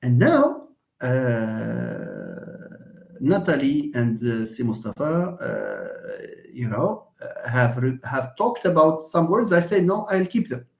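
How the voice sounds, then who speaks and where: A man's voice: medium pitch, huge pitch swings, slow, gravelly, reverberant. A man teaching English pronunciation in a live online lesson, stressing words and repeating them for emphasis.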